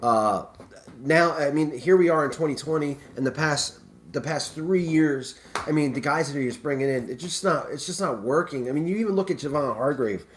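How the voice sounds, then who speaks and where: A man's voice: a little high, normal speed, slight background noise. A man hosting a live sports talk stream, rambling and stammering through restarts in casual chat. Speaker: live show host.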